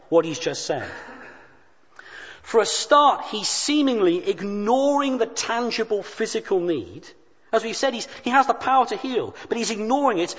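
A man's voice: high voice, a bit bright, husky. Man preaching in an echoing hall. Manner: earnest, emphatic, deliberate phrasing. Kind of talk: sermon. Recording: dull sound with long hall reverb.

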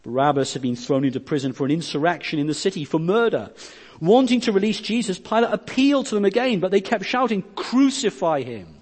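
High-voiced man preaching in a reverberant hall. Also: quick pace, a little mellow. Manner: expository preaching, reading scripture aloud; dynamic delivery, rising and dropping in force. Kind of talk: sermon.

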